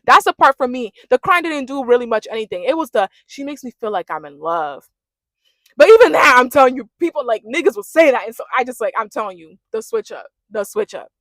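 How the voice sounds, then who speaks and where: A woman's voice: sits high, lively intonation, quick pace, hardly any pauses, fairly bright tone, no room sound, studio quality. A young woman giving a casual, sassy rant recapping a reality dating show and mimicking the cast as she goes.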